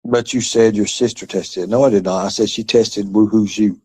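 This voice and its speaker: A man's voice: lowish voice, fairly even intonation, normal speed, darkish tone, breathy edge. Rambling, taunting man on a livestream. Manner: rambling, taunting, profane, drops to mutters. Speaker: livestream host. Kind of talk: rambling live-stream chat reading comments.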